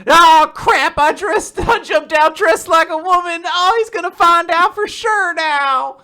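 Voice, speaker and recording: A podcast host voicing a young noblewoman in disguise with a put-on Cockney accent, flustered and rough-spoken. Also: very high-pitched, unhurried, bright, forceful tone, voice pushed up, heavily acted. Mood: panicked.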